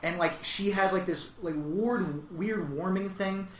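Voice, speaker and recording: Animated man telling a story in an echoey room. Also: high-pitched, measured pace. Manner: animated, voice rises to near-shouts when quoting himself. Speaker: comedian guest telling a story. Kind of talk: casual podcast storytelling. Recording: echoey room with faint noise.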